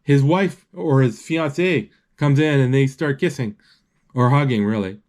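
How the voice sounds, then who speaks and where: A man retelling a film as it plays, describing scenes and reading lines aloud in a halting way with many restarts. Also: mid-range voice. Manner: halting, restarts often, reads out dialogue flatly. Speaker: movie narrator. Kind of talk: casual live retelling of a film.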